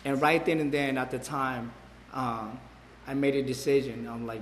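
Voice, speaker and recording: A man's voice: mid-range voice, steady tone, normal speed, slight background noise. Brief: man in his forties, rambling personal testimony, stumbles and repeats, echoey hall with a long tail. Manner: rambling, repeats words, many fillers. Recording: echoey hall with long reverb, faint ambience.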